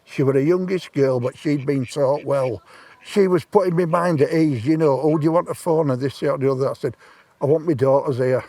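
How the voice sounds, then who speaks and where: Brisk and dark in tone, this man's voice sits on the high side, with no echo. He's a stranger in his 70s on a park bench outdoors, rambling casually through a long personal story in plain-spoken language.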